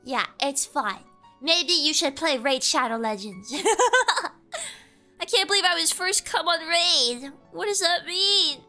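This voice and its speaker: Young woman streamer, high-pitched, bright, playful teasing chat, soft music behind. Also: animated, slow. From Southern United States. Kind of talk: casual livestream chat, reading chat aloud.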